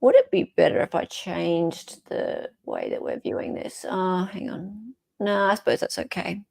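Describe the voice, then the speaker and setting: An Australian woman hosting a casual talk show, her voice carrying a gravelly, creaky texture. She chats loosely, thinking aloud with fillers and restarts as she reads through court documents. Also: on the low side, huge pitch swings, unhurried, dark tone. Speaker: podcast host. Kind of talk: casual chat reading court records.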